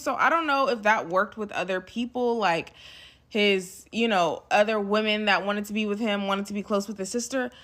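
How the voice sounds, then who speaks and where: Young woman, casual storytime monologue, emphatic, mid pitch. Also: normal speed. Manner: emphatic, animated retelling with acted quotes and asides to viewers. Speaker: storyteller recounting a past relationship.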